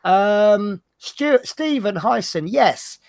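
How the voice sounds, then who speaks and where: A man's voice: high voice, expressive, extremely slow, creaky, a little mellow, dry recording. A man with a Norfolk accent hosting a livestream, chatting casually and rambling with self-mocking humor. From Norfolk, England. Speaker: livestream host.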